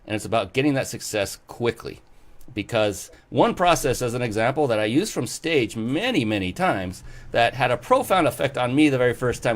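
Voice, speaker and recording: A man hosting an interview show, talking enthusiastically and rambling with many fillers and restarts. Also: mid-range voice. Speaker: show host. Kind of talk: casual interview chat.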